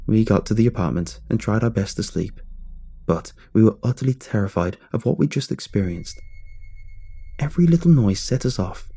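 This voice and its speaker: Husky low-voiced man telling horror. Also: expressive, normal speed, dark tone. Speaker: narrator. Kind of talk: scripted horror story narration.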